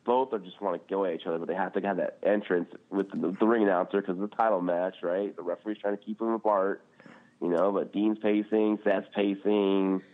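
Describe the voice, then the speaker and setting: A low-voiced man co-hosting a casual podcast, sounding squeezed and tinny as if over a phone line. He rants with heat, drops curses freely and leans on "like" between thoughts. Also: a little fast. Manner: animated, swearing, frequent "like" fillers. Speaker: podcast co-host. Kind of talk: casual chat.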